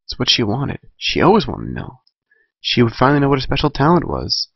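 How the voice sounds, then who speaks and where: A man's voice: medium pitch, huge pitch swings, brisk, creaky, slightly rough, no room sound, highs cut off. A man reading a fan story aloud in a casual way, correcting himself and adding chatty asides. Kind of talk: amateur fan fiction reading.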